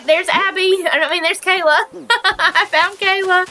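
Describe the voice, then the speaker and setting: Giggly high-voiced woman streamer, stuffy. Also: unhurried, soft background music, rough recording. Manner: excitable, giggly, squeals when finding players. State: stuffy from allergies. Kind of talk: live game stream chat.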